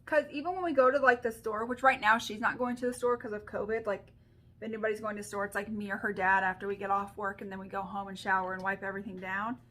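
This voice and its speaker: A woman's voice: mid-range voice, steady tone, fast, fairly bright tone. A woman chatting casually through a makeup tutorial at home, telling stories full of "like" and little asides. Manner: chatty, storytelling, filler-heavy with frequent "like". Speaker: beauty vlogger.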